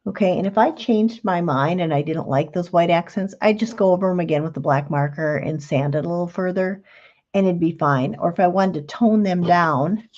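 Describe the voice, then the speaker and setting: A woman's voice: fairly low pitch, moderate pace, darkish tone, muffled recording. A middle-aged woman hosting a live craft demonstration, chatting in a homey, explanatory way. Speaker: craft show host.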